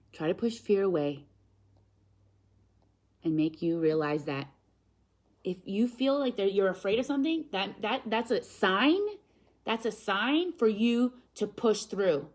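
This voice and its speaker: A woman, a guest on a live stream, chatting in an animated, upbeat way and reading viewer comments aloud. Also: medium pitch. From Canada. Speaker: guest speaker. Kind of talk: live-stream motivational chat.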